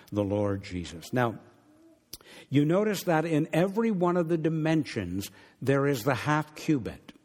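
A man preaching a sermon, dropping low and hushed on some phrases and lifting sharply on others. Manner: wide swings between low hushed phrases and raised emphatic ones. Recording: long hall reverb.

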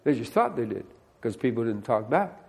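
A man's voice: medium pitch, big pitch swings, normal speed, gravelly, a little mellow. An older man, a pastor, giving a conversational sermon that mixes scripture reading with plainspoken remarks and direct questions to the listeners.

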